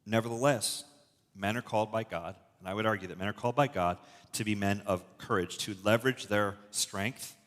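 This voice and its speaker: A middle-aged man preaching a sermon as a pastor, telling stories in a conversational, animated way and often restarting his sentences. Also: fairly low pitch, brisk. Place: church auditorium. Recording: long hall reverb from a church room.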